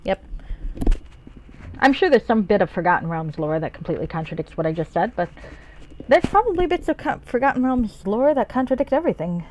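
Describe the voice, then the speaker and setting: A woman's voice: mid-range voice, lively intonation, brisk, slight background noise. A woman streaming a video game, chatting casually in rambling, profane tangents as she plays. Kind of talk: casual let's-play commentary.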